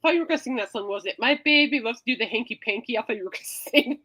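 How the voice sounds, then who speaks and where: A woman's voice: fairly high pitch, expressive, very fast, pushed and bright. A woman hosting a podcast in casual chat, playful and teasing, rambling from joke to joke. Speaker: podcast host.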